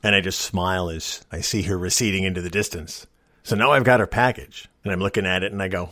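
A middle-aged man telling a long joke story in a casual, wry, deadpan way, as host of a storytelling show. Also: sits low, fast talker, no room sound, clean studio sound. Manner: wry, deadpan joking delivery.

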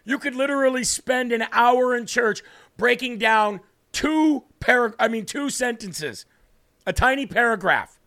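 High-voiced earnest preaching man. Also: sharp tone. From northern United States. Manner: earnest, emphatic, reads scripture slowly. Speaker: host and preacher. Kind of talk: livestream Bible teaching.

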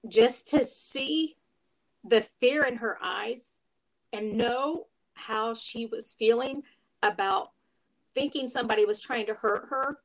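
A woman's voice: fairly high pitch, expressive, creaky, rough recording. Earnest woman recounting a painful family story. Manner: earnest, emotional retelling with reflective pauses. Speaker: caregiver telling her story. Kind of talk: personal storytelling interview.

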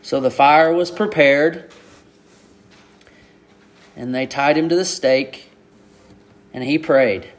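A man's voice: fairly high pitch, slow, long pauses. A middle-aged man from Arkansas, preaching a sermon with emphatic rhetorical questions. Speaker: pastor.

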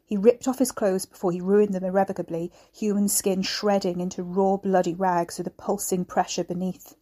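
A woman reads her own dark novel aloud in a measured, steady storytelling voice. Her tone is warm and mellow. She gives the grim scenes calm, even weight. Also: mid-range voice. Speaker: author reading her novel. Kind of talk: audiobook narration.

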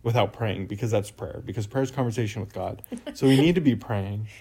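A young man co-hosting a casual faith talk, telling stories in a chatty, animated way with lots of fillers. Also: fairly low pitch, fairly quick, creaky, husky. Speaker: podcast co-host.

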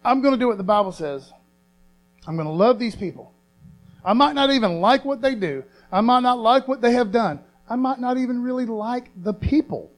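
A man preaching a sermon, repeating phrases slowly for emphasis and asking for amens. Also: darkish tone. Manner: call-and-response, asks congregation for affirmation. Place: church sanctuary. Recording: low mains hum.

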